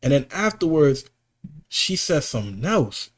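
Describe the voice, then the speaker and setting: Animated man telling a story on a podcast. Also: a little high, a little slow. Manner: animated storytelling, swearing, slang, voice jumps up when worked up. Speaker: podcast co-host. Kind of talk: casual podcast chat.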